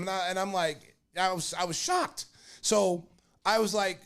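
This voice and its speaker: A man in his fifties from Oklahoma, hosting a podcast and telling a story in a rambling, animated way, full of fillers and restarts. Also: sits high, moderate pace. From Oklahoma, United States. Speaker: podcast host. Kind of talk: casual storytelling.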